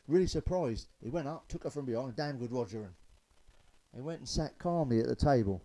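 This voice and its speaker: A man's voice: mid-range voice, lively intonation, a little fast, dark tone, low-quality recording. A man telling stand-up jokes, loose and chatty, chuckling at his own punchlines. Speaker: stand-up comedian.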